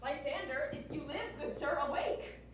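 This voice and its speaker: A woman's voice: sits high, normal speed, slight background noise, close to an everyday voice. A teen girl playing a spurned, pleading young noblewoman. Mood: plaintive. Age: teens. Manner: plaintive, pleading verse delivery. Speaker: stage actor. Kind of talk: stage Shakespeare acting. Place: school theater stage. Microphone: distant room mic. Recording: echoey stage from far off.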